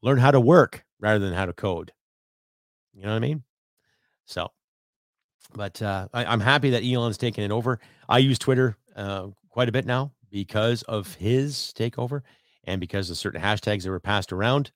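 A low-pitched man from Canada rants through his own podcast, blunt and salty, swearing freely as he rambles from point to point. His voice sits close and dry, with no room sound around it. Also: moderate pace, no room sound. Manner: blunt, profane, rambling rant. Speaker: podcast host. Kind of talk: ranting solo podcast.

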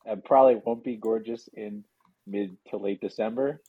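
A man's voice: lowish voice, steady tone, moderate pace, breathy edge, dry recording. A man chatting on a podcast in a thoughtful, rambling way. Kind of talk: casual chat. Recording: tinny phone-like line.

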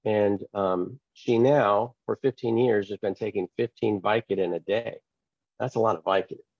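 Male pastor guest, low-pitched voice, animated storyteller who plays every part, dry close-mic sound. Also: normal speed, no echo, muffled recording. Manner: animated, acts out quoted dialogue. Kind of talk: storytelling testimony in an interview.

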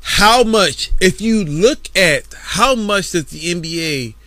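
A man with a high, lively voice argues loudly on a podcast, talking slowly and with emphasis. His tone is bright and forceful, and he repeats words insistently when cut off. The sound is close and dry. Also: no room sound. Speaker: podcast co-host. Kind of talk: heated casual debate.

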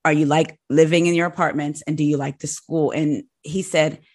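A woman's voice: low-pitched, little pitch movement, normal speed, darkish tone. A middle-aged woman hosting an interview, asking questions and sharing her own story as a parent. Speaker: host. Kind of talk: interview conversation.

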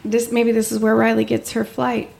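A woman's voice: a little high, completely flat delivery, normal speed, creaky, a little mellow, slight background noise. A middle-aged woman, a podcast co-host, telling a story in a blunt, matter-of-fact way with some swearing. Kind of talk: casual storytelling.

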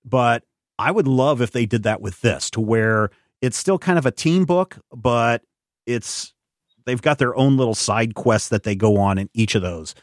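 A man co-hosting a casual comic review chat, rambling and self-correcting with animated enthusiasm. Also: mid-range voice, measured pace, no echo, clean studio sound. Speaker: podcast co-host.

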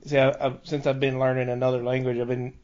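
A man's voice: medium pitch, completely flat delivery, fast talker, darkish tone. A man telling rambling stories in a casual podcast chat, stumbling and restarting often. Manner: rambling, stammering storyteller with frequent restarts. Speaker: podcast co-host. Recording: dull lo-fi podcast audio.

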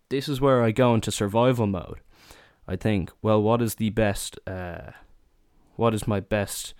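A young man with a fairly low voice spins a rowdy holiday story, cursing often and throwing himself into the voices of the people in it. The sound is close and dry, with no room around it. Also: fairly even intonation, a little slow, darkish tone, smooth, no echo. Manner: swears a lot, acts out quotes in raised voices. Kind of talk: casual comedic anecdote.

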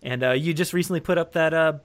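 A man hosting a podcast in casual chat, upbeat, encouraging and quick to giggle. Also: fairly high pitch. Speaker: podcast host.

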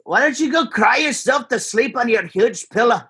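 A man doing a loud, mocking Scottish father voice in a put-on Scottish accent. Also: extremely high pitch, animated, moderate pace, breathy edge, pitched above the performer's own voice, full character voice. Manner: bellowing, mocking. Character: loud gruff Scottish dad, film-comedy style.

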